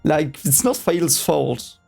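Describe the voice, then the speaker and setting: A man whose first language is German reads a book aloud for the first time in a casual way, reacting with rambling, hesitant, exasperated asides. His voice is a little high and somewhat mellow with vocal fry, he speaks slowly, and faint music plays behind him.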